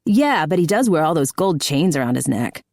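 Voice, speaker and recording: A woman's voice: low voice, very animated, normal speed, a little mellow, no echo, clean studio sound, heavily acted. A woman voicing a male hockey player who needles his teammates with mocking trash talk, in an audiobook. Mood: teasing.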